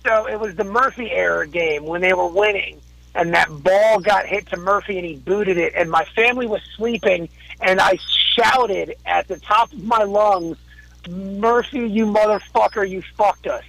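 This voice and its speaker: Caller: middle-aged man, high gravelly voice, dry close sound, swearing rants. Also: moderate pace, bright, forceful tone, no echo, rough recording. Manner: profane, ranting storyteller. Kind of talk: casual chat. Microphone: phone call.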